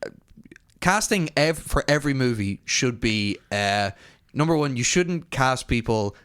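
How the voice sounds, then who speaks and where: A man co-hosting a film podcast in casual, laid-back chat, agreeing a lot and quick to joke. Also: mid-range voice, lively intonation, a bit bright, clear, resonant tone. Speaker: podcast co-host.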